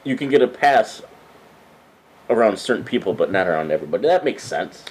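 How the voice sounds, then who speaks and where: A man's voice: on the low side, big pitch swings, a little fast, a little mellow, low-quality recording. A man co-hosting a podcast in casual chat, asking probing follow-up questions. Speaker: podcast co-host.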